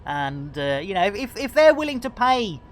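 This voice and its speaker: A woman's voice: medium pitch, big pitch swings, moderate pace. A woman streaming a game live, joking and calling out greetings to viewers. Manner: jokey, theatrical, shouts greetings.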